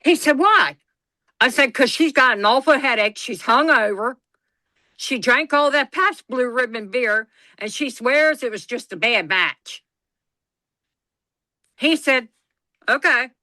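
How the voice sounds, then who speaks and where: A woman tells a family story over casual chat. Her voice is bright and a little high, and she acts out everyone's lines and swears freely. The recording is close and dry. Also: animated, a little slow, pauses often, no room sound. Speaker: guest storyteller.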